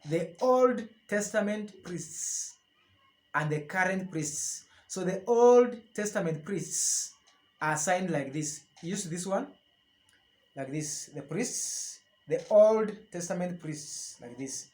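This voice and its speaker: A man teaching a sign language lesson, speaking slowly and deliberately with a somewhat high voice. He repeats each word several times as he demonstrates it. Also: lively intonation, a little mellow. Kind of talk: instructional explanation.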